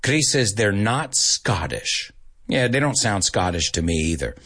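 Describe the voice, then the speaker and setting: A man hosting a radio English lesson with a slightly husky voice. His pitch rises and falls a lot as he chats with listeners, and he drops in quick Spanish asides. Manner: chatty, animated, mixes in Spanish asides. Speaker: radio show host and English teacher. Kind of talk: casual on-air English lesson.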